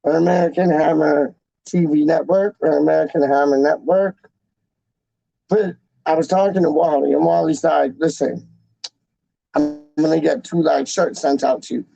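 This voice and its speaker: A man's voice: on the high side, fairly even intonation, normal speed, gravelly, mellow, no room sound, lo-fi sound. A man hosting a casual livestream, rambling in slang and repeating himself as he talks to his live chat. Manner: slangy and repetitive, calls people "dog" and "man". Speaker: fan channel livestream host.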